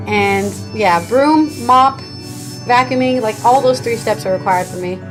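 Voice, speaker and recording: A woman's voice: fairly high pitch, measured pace, poor audio. A young woman streaming a game, chatting casually and reacting with giggles. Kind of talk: casual live-stream commentary. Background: game music.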